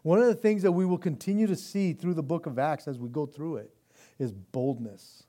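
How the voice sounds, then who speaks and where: A man's voice: fairly high pitch, moderate pace, warm tone. A man preaching a sermon as pastor in a casual, slangy way that builds to impassioned intensity.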